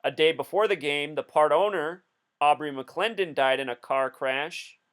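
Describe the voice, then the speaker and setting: A man's voice: fairly high pitch, normal speed, a bit bright, clear, resonant tone. A man hosting a video, talking through a casual commentary in an insistent, explanatory way. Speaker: video host.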